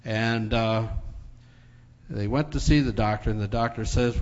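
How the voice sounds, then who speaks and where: A man's voice: fairly low pitch, darkish tone. A male preacher tells a story in a plain, folksy manner, stopping on "uh" now and then. His voice sits mid-range. The recording is dull and carries a long hall reverb. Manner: folksy, pauses with fillers. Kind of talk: sermon storytelling.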